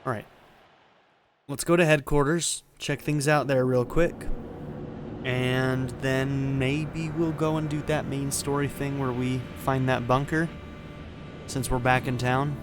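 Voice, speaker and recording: A man's voice: medium pitch, noisy background. Laid-back man thinking aloud over a game. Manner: relaxed, chatty, thinking aloud with fillers and quick laughs. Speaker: let's play gamer. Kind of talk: casual game commentary.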